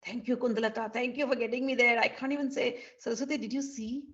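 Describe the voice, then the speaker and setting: An eager, lovestruck young girl, as a woman storyteller voices her. She speaks in a fairly high voice on a dull, lo-fi recording. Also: fairly even intonation, fast, a bit bright, lightly acted. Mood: dreamy.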